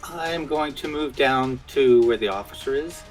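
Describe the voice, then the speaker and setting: A man's voice: medium pitch, unhurried, soft background music, poor audio. A man player in a tabletop game, speaking hesitantly with fillers.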